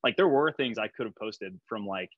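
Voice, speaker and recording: A man's voice: fairly low pitch, expressive, normal speed, no room sound. Chatty young man, dry dull recording. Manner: rambling, many fillers, laughs easily. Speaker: strength coach, guest. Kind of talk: casual podcast conversation.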